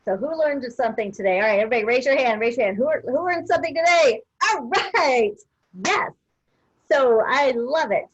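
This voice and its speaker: A woman's voice: sits high, fairly quick, slightly rough, dull audio. A woman giving a motivational sales training talk, enthusiastic and encouraging. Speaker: guest trainer. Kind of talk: motivational talk on a video call.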